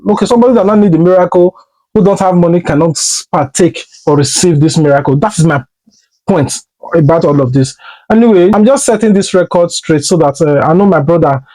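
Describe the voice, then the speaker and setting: A man's voice: fairly high pitch, fairly quick, dark tone, low-quality recording. A man with a Nigerian accent, earnestly explaining his own position to his viewers in casual commentary. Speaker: commentary vlogger.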